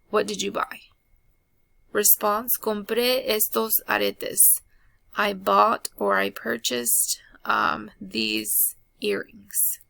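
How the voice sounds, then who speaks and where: Slow, flat-voiced woman teaching Spanish grammar. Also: mid-range voice, vocal fry, no echo. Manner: slow, flat delivery with frequent ums and uhs. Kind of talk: recorded classroom lesson.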